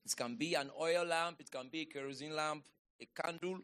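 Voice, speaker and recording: A pastor with a clean, fairly bright voice on the high side preaches a sermon at a slightly fast pace in a steady tone. He reads scripture aloud, then breaks into emphatic exclamations and call-and-response with the congregation.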